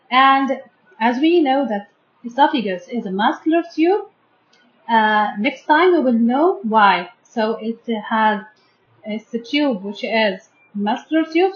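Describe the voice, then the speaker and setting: Egyptian woman, primary science teacher, husky voice, slow patient delivery, dull lo-fi recording. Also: fairly high pitch. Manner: patient, sounds out syllables, checks in with "okay?". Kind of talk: slow classroom explanation to children. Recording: dull lo-fi sound.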